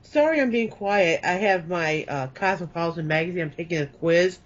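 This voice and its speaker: Higher-voiced man with dry humor. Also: a little fast. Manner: dry, joking. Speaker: podcast co-host. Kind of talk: casual chat. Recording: dull lo-fi podcast audio.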